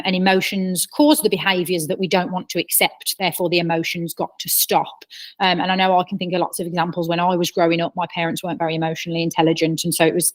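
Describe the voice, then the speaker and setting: Low-voiced woman giving a webinar. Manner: chatty, explanatory, with personal anecdotes and acted quotes. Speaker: childcare trainer. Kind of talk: webinar presentation.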